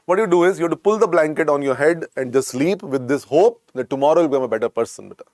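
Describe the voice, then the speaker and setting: A man's voice: fairly high pitch, lively intonation, fast, darkish tone, no echo, clean studio sound. Coaxing Indian man lecturing medical students. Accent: Indian English. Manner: repetitive, coaxing, keeps calling students "beta". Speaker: medical exam teacher.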